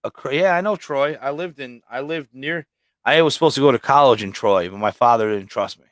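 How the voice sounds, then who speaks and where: A man's voice: mid-range voice, a little fast, no room sound. Man telling rambling profane stories. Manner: rambling, heavily profane storytelling. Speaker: livestream guest. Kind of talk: casual storytelling.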